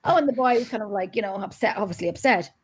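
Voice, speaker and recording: A woman's voice: medium pitch, expressive, very fast, breathy edge. A middle-aged woman with a Scottish accent chatting casually as a host, telling a long story with many restarts and acted-out quotes. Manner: rambling storyteller who restarts and acts out quotes. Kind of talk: casual chat.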